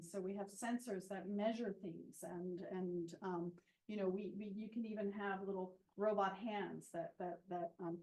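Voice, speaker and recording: A woman's voice: medium pitch, darkish tone. A woman giving a conversational seminar talk without a microphone, thoughtful and full of ums and restarts. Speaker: seminar speaker. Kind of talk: conversational presentation. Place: seminar room. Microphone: no microphone, room pickup. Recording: roomy hall sound.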